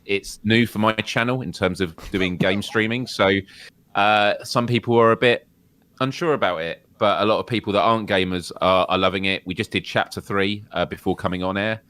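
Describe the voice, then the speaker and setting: A man's voice: on the low side, pushed and bright, smooth, no echo. A British man co-hosting a gaming podcast, chatting casually with wry, dry humor. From United Kingdom. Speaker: podcast co-host. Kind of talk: casual live-stream banter.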